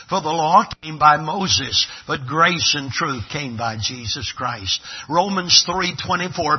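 A man from Brooklyn, New York, preaches a sermon in a slightly high, husky voice, recorded with the highs cut off. His pulpit delivery is emphatic and dramatic, acting out little scenes with dialogue.

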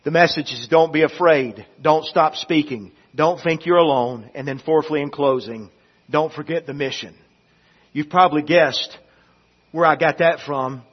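A pastor preaching a sermon, leading the congregation in reading scripture aloud together, rising loud and then dropping quiet. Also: male voice, fairly high pitch, normal speed, husky, dull audio. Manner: preaching with call-and-response reading.

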